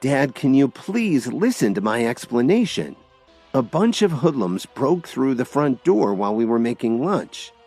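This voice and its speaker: A man's voice: medium pitch, big pitch swings, measured pace, darkish tone, soft background music, pitched above the performer's own voice. A man narrating an audiobook and voicing an exasperated young woman who pleads with her father.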